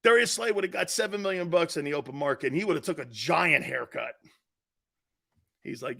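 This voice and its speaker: Man, sports talk host, brash, blunt, forceful bright voice. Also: fairly high pitch, expressive, a little fast, vocal fry, long pauses. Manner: brash, blunt, trash-talking, repeats points with "Okay?".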